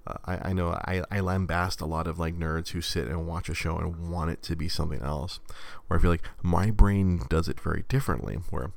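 Very deep, gravelly, young man, casual podcast chat, rambling, many restarts. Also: a little fast, dry recording. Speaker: podcast co-host.

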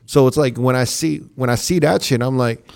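A man's voice: medium pitch, moderate pace, vocal fry. A man hosting a casual podcast chat, asking curious, eager questions.

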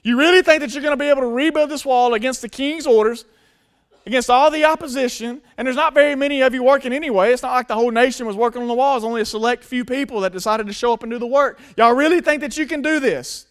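A man voicing an ancient male enemy who jeers loudly and scornfully at builders. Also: extremely high pitch, fast talker, clean tone, voice pushed up. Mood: taunting. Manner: loud mocking taunts.

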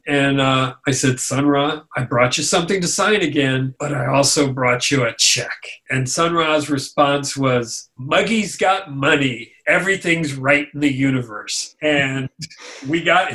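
A man's voice: on the high side, fairly bright tone. An older man, a filmmaker, telling a long personal anecdote in a reflective, conversational way. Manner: reflective, conversational, with shifting pace. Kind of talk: anecdotal storytelling.

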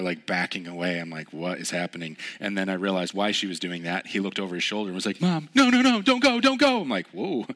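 A young man preaching a relaxed, conversational sermon, telling stories with lots of fillers. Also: lowish voice. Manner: casual, storytelling, many fillers. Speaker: pastor.

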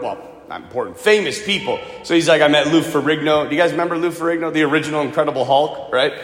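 A male preacher delivers a sermon with a lively, swooping voice that sits a little high for a man. He acts out the people in his stories with quick put-on voices. The sound rings through a large hall with a long, roomy reverb. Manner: animated storytelling with put-on voices for quoted people.

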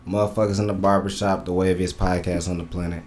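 A man's voice: low voice, level tone, fast talker, a little mellow, a little hiss or hum. A man hosting a casual podcast with friends, loose and laid-back, often trailing off mid-sentence. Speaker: podcast host.

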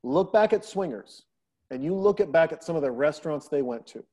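A man's voice: on the high side, fairly quick. A middle-aged man telling family stories in a casual podcast conversation, acting out the quoted voices of the people in them. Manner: animated, acts out quoted voices of his daughter.

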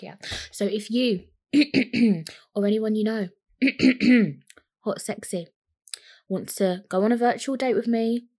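A young woman hosting a solo podcast, rambling, cheeky and swearing freely as she chats into the microphone. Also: mid-range voice. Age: young adult. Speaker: podcast host.

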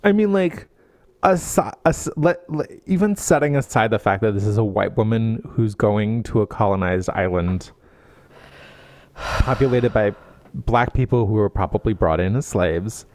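A man's voice: fairly low pitch, normal speed, a little mellow. A man co-hosting a casual chat, recapping a book with sarcasm and mocking quoted voices. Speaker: podcast co-host.

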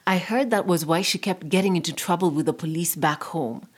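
A woman's voice: lowish voice, fairly quick, lightly acted. A woman reading the part of a stern, worried middle-aged father who speaks firmly. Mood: scolding. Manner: firm, scolding.

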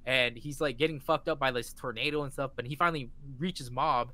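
A man co-hosting a podcast, retelling a story in casual chat with excited energy and lots of swearing. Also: medium pitch, fairly quick. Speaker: podcast co-host.

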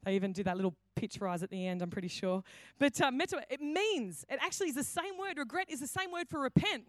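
Aussie woman pastor preaching, fairly high voice, animated, acts out the voices in her stories, dry close sound. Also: quick pace, no echo. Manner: animated storytelling, acting out quoted voices. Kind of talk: sermon. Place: church hall.

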